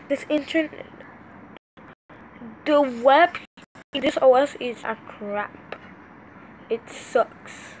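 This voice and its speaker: A woman's voice: sits high, takes it slowly, pauses often, a little hiss or hum, poor audio. A sleepy woman vlogger rambling through casual commentary, easily frustrated and talking straight to her viewers. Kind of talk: casual screen-recording commentary.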